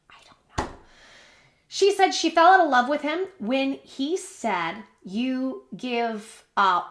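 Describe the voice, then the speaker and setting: A woman's voice: a little high, a bit bright. A woman hosting a commentary video, recapping online drama in a chatty way with wry asides. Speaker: commentary channel host. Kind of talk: gossip commentary, reading and reacting. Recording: echoey room.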